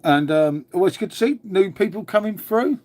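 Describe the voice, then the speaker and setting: A man's voice: sits high, expressive, moderate pace, darkish tone. An English man chatting casually on a live stream, answering viewer comments in a laid-back way and calling everyone mate.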